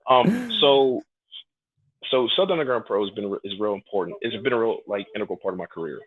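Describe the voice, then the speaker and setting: A man's voice: on the low side, racing, husky. A man in his thirties, from New York and raised in Atlanta, telling stories in a casual podcast interview and acting out the quotes. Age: 30s. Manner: animated storyteller, acts out quotes. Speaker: guest, pro wrestler. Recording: tinny phone-like line.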